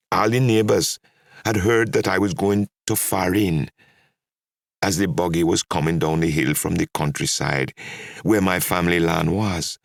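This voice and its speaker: Deep gravelly male audiobook narrator. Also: no echo, clean studio sound.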